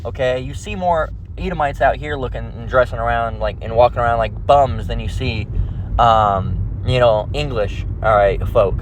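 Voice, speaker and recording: A man's voice: medium pitch, normal speed, slight background noise, low-quality recording. A man giving informal scripture teaching in a loose, rambling way, constantly checking in with "all right" and "okay". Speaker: religious teacher.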